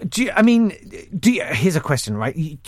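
Joking radio host. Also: male voice, fairly high pitch, big pitch swings, moderate pace, a crowd in the background. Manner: joking, rambling, stumbling restarts. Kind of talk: casual radio chat.

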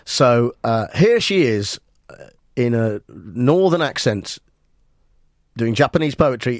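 A man hosting a comic radio talk show, speaking in a dry, halting way with many fillers. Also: medium pitch, lively intonation.

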